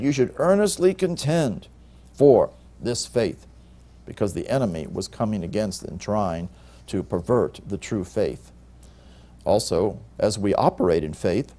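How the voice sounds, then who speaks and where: A man's voice: on the low side, warm tone. A male pastor giving a Bible teaching sermon, reading scripture aloud and pressing key words with emphatic rises.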